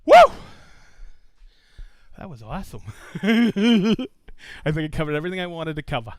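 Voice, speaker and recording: A man hosting a live tool demonstration stream in casual chat, excitable and whooping. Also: high-pitched, unhurried, dry recording. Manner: excitable, reads out viewer shout-outs with whoops.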